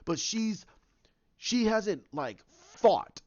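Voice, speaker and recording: A man's voice: high voice, lively intonation, extremely slow, a little mellow, lo-fi sound. A man casually retelling his own movie idea, rambling with lots of restarts and fillers. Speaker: fan pitching a movie idea.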